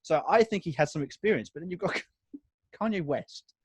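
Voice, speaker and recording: A man's voice: on the high side, lively intonation, moderate pace, slightly rough, no room sound. A young man co-hosting a podcast, reading odd news aloud in casual chat, laughing often and swearing freely. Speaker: podcast co-host.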